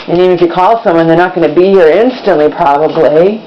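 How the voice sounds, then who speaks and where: A woman's voice: low-pitched, fast, hardly any pauses. A woman talking to the camera in a rambling, exasperated way, repeating herself as she goes, in her kitchen at home. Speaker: vlogger. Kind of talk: casual vlog monologue. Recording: slightly dull, faint background hum.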